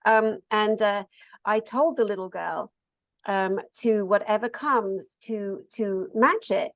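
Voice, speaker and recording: A woman's voice: medium pitch, takes it slowly, no echo. A woman co-hosting a conversation who talks in a rambling, loose way and often restarts her sentences. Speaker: co-host. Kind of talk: casual chat.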